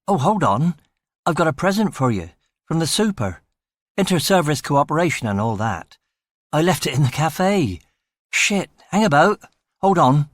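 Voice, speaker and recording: A man's voice: a little high, sing-song, normal speed, no room sound, pitched above the performer's own voice. A chatty young constable with a lifted, upbeat voice, as a male narrator puts him on. He rattles on in a breezy, talkative way, in a crime audiobook read in a dry, close room. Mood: flustered.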